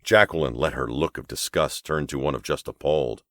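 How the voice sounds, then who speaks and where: A man narrating an audiobook novel with expressive storytelling. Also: very deep voice, fairly quick, few pauses, no room sound, clean studio sound. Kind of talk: scripted narration.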